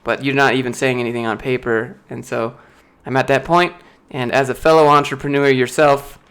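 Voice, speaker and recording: This YouTuber, a young American man, answers live chat questions in a medium-pitched voice that is steady, a bit bright, clear and resonant, moving a little fast. He reads questions from chat, rambles through stories with plenty of fillers, laughs a lot, and mimics others' voices.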